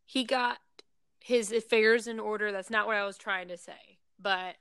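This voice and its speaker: A woman's voice: medium pitch, steady tone, moderate pace, fairly bright tone, smooth, dry recording, clean studio sound. A young woman chatting casually, searching for words and laughing at herself. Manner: searching for words, self-mocking. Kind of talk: casual chat.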